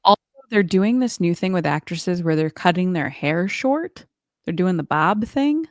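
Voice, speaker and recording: A woman co-hosts a podcast in casual chat, her lowish voice animated at a moderate pace. She's chatty, says "like" constantly, and quotes people in playful voices. The studio-quality recording has no echo.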